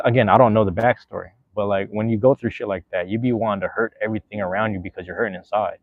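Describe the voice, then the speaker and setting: Male podcast host, laid-back and slangy, a bit low-pitched, dry close sound. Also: dry recording, narrow, tinny audio. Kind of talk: casual podcast chat.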